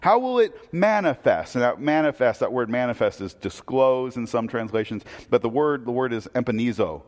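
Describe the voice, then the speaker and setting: This pastor's medium-pitched voice is slightly mellow, moving briskly with few pauses, and a long reverb tail follows his words. His sermon is earnest, and he tends to repeat words when starting sentences.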